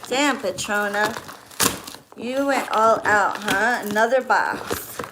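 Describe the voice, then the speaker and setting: A woman's voice: medium pitch, slow. A woman who does readings for clients, chatting casually and gushing in a vlog as she unboxes gifts. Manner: chatty, gushing, squeals when excited. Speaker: spiritual reader for clients. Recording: crinkling packaging noise.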